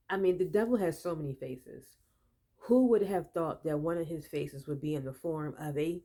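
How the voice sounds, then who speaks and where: A woman's voice: low voice, warm tone. A woman telling of a dispute with her landlord in a casual, emphatic and exasperated way, with frequent fillers. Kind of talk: casual spoken testimony.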